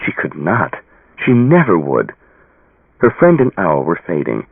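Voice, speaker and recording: A male audiobook narrator reading with dramatic expression, his pitch swinging widely around a lowish center. His voice is husky and dry, and the sound is thin and tinny like a phone line. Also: wildly swooping pitch, unhurried, no room sound. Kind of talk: scripted narration.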